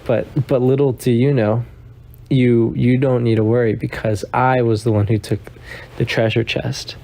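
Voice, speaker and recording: A man giving a deadpan, absurd comedic monologue, halting often with repeated words and restarts. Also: mid-range voice, vocal fry.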